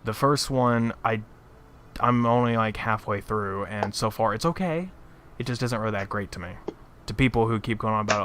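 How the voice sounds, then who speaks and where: A lowish-voiced man talking games in a loose, casual chat, blunt and sure of his opinions. He laughs now and then at his own points, with a faint hum of room ambience behind him. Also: moderate pace, a bit bright. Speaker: podcast co-host.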